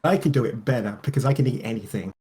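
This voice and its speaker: A man's voice: medium pitch, fast talker, warm tone. A man joking around and laughing often while playing a tabletop game with friends over a voice call. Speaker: player. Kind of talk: casual tabletop game chat.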